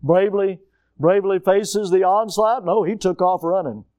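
A middle-aged male pastor preaching in an animated storytelling style, full of rhetorical questions. His voice sits somewhat high. The sound is dry and close, with no room echo. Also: normal speed. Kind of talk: sermon.

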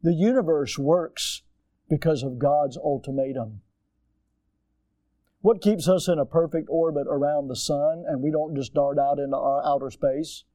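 Animated high-voiced male preacher. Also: a little slow, no room sound, clean studio sound. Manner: animated preaching, acting out quoted voices, sudden loud outbursts. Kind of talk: sermon.

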